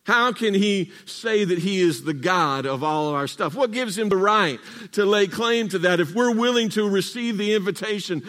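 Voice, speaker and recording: Man, high voice, preacher, call-and-response sermon, drawn-out emphatic phrases, church sanctuary. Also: a bit bright. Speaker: pastor.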